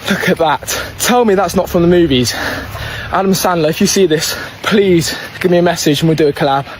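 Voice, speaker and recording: A young man from England vlogging, rowdy and excitable, with mild swearing. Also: fairly high pitch, brisk. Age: young adult. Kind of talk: casual travel vlog. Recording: phone clip with clear background noise.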